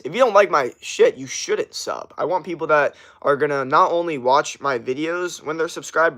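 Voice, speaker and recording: A man's voice: mid-range voice, a bit bright. A man hosting a casual livestream, answering chat with blunt, motivational advice and plenty of swearing.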